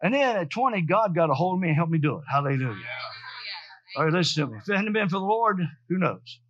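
A man's voice: high-pitched, very animated, fast talker, fairly bright tone, muffled recording. A male pastor preaching a sermon emphatically, often repeating and restarting his words.

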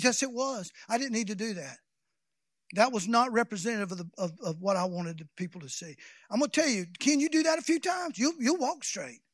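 High-voiced preacher, folksy and rambling. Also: male voice, dry recording, clean studio sound. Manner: folksy, rambling with restarts, building to shouted exhortation. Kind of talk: sermon.

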